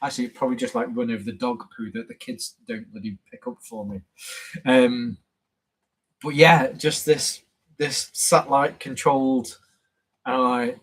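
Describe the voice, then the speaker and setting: A man's voice: mid-range voice, moderate pace, breathy edge, poor audio. A man hosting a casual live stream, rambling and chatty with plenty of fillers and self-corrections. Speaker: YouTube channel host on a live stream.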